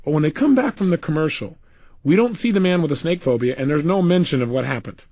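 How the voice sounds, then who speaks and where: Man, motivational speaker, lively storyteller with a dry, close sound. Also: fairly high pitch, fast talker, no echo, lo-fi sound. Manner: animated storytelling, acting out quotes. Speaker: self-help speaker. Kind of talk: motivational audio program.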